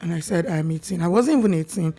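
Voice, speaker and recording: A young Nigerian woman, a podcast guest, telling her personal story in a candid, animated way. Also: fairly low pitch, quick pace, husky, soft background music.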